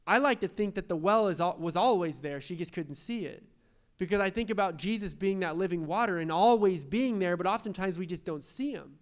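A young adult man preaches a sermon as pastor, with a high, fairly quick voice. He is animated, repeating rhetorical questions and performing the voices he quotes.

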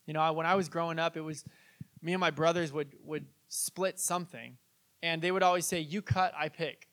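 A man preaching a sermon in a church, telling stories in a conversational, animated way and asking the congregation questions. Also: on the high side, fairly quick. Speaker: pastor.

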